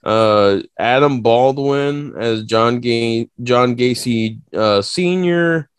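A man co-hosting a podcast in casual chat, swearing freely and telling stories with lively energy. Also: medium pitch, takes it slowly, clean tone, no room sound. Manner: profane, animated storytelling with mock voices. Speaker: podcast co-host.

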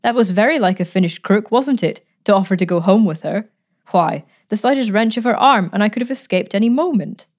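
A woman reading a storybook, voicing a charming, playful gentleman who speaks in a breezy, teasing, pleasant way. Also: mid-range voice, expressive, a little fast, pitched above the performer's own voice, close to an everyday voice. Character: charming, playful gentleman adventurer, adult man.

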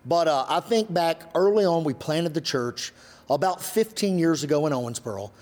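A middle-aged male pastor telling a married-life story from the stage, animated and self-teasing. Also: a little high, normal speed. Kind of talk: sermon with spouse. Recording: long hall reverb.

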